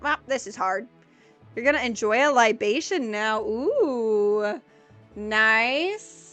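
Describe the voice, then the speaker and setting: Woman, game streamer, high voice, slow easy pace, playfully dramatic chatter. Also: a bit bright. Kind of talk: casual gameplay chat with viewers.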